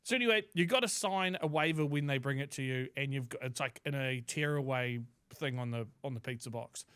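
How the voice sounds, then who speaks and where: A man's voice: mid-range voice, fairly quick, smooth. A man co-hosting a podcast, telling a crude story in casual chat and acting out the other people's lines. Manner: crude, animated storyteller who acts out quotes. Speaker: podcast co-host.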